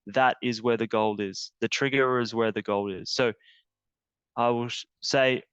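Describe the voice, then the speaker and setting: A man teaching an emotional tapping technique, talking in a halting, earnest way with many fillers. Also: mid-range voice, steady tone, smooth, no echo, highs cut off. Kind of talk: guided tapping demonstration.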